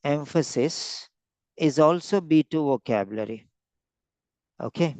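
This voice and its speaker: Slow, deliberate teacher. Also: male voice, on the high side, expressive, darkish tone, dry recording. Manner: slow, repeats words, stretches them out to stress them. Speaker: English teacher. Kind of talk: online vocabulary lesson.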